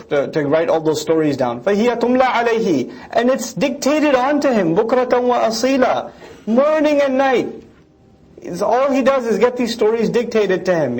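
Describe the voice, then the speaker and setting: Fast-talking animated male lecturer. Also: high-pitched. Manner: animated, explains line by line, mimics critics in quick asides. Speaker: lecturer explaining scripture. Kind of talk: lecture on scripture.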